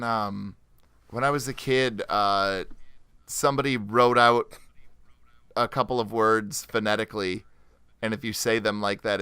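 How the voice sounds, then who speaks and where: A young man hosting a podcast, bantering loudly with crude jokes. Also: fairly low pitch, smooth, dry recording. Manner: loud, joking, crude banter. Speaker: podcast host. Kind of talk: casual podcast chat.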